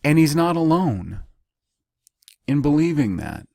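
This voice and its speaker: A man teaching a Bible study in a deliberate way. He repeats key words and pauses between phrases. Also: a little high, very animated, vocal fry, a little mellow, no room sound, clean studio sound.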